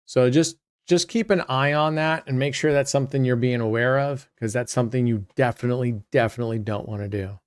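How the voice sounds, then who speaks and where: A man's voice: medium pitch, brisk, few pauses, no room sound, clean studio sound. Chatty man narrating his roulette play. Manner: chatty, addresses viewers directly, trails off mid-sentence. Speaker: host. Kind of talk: casual commentary while playing roulette.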